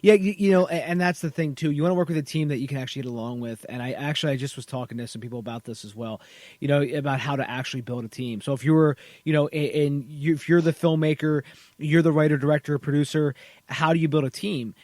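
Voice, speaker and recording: A man with a fairly high voice hosts a casual podcast chat, circling his points with restarts and fillers. The sound is dry and close, with no room echo. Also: fairly even intonation, fast talker, darkish tone. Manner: rambling, many restarts and "you know"s. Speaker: podcast host.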